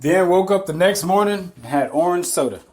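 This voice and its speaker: A man's voice: sits high, lively intonation, normal speed, a little mellow. A man hosting a podcast, rambling through casual stories, swearing freely and laughing at himself. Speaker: podcast host. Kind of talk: casual storytelling monologue.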